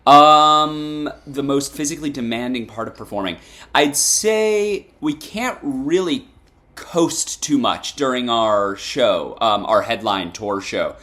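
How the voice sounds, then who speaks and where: A man's voice: mid-range voice, expressive, slow pace, sharp tone. Playful young man reading fan questions. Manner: playful, reads fan names and questions aloud. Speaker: band member answering fan questions. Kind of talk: casual interview chat.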